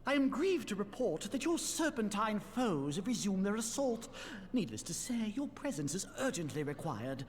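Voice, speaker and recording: An actor voicing a stern, formal court official in a video game. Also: male voice, high voice, very animated, normal speed, a little hiss or hum. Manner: formal, imperious.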